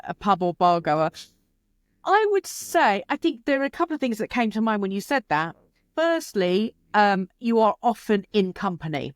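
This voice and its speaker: Woman guest on a podcast, lively and chatty, dry close mic. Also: mid-range voice, no room sound. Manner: animated, chatty, quick asides and playful voiced quotes. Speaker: creativity expert guest. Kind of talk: conversational interview answers.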